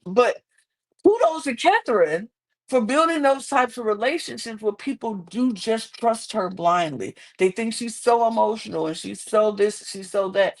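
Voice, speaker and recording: Young female co-host: sassy, expressive and chatty, often leaping into squeaky outbursts. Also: normal speed. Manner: animated, sassy, swings into high-pitched exclamations. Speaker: podcast co-host. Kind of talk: casual reality-TV recap chat.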